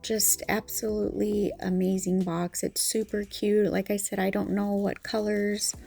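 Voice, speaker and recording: A woman hosting her own channel, unboxing a product with gushing delight, gasps and soft whispered exclamations. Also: mid-range voice, level tone, measured pace, creaky, faint music behind. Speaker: nail polish channel host.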